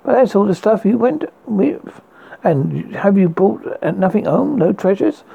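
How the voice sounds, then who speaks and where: A man reading aloud plays an eager young male doctor who asks brisk, polite questions in a gravelly, husky voice. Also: sits high, animated, phone-quality sound, voice pushed up, exaggerated voice. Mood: questioning.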